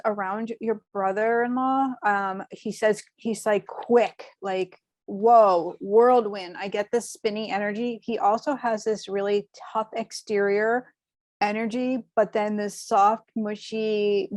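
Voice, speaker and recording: Woman medium chatting away, animated and gushy, dry close sound. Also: mid-range voice, measured pace, dry recording. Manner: animated, gushing, many fillers. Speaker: medium and show host. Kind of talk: spiritual reading, casual chat.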